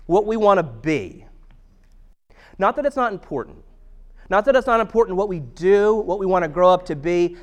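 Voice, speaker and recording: Pastor type, man in his thirties, high voice, wry self-mocking storyteller. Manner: humorous self-deprecating storytelling. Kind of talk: conversational sermon.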